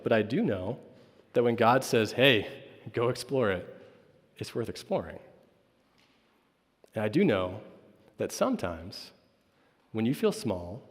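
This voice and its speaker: With a medium, slightly mellow voice, this man, a campus pastor, shares a personal story during an informal chapel talk. He frequently asks "right?" and plays out other people's dialogue, all heard through long hall reverb.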